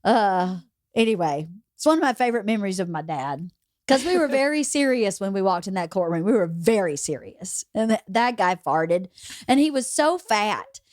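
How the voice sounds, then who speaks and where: A woman hosting a podcast, telling a story in a lively, casual way and laughing as she goes. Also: mid-range voice, normal speed, dry recording, studio quality. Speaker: podcast host.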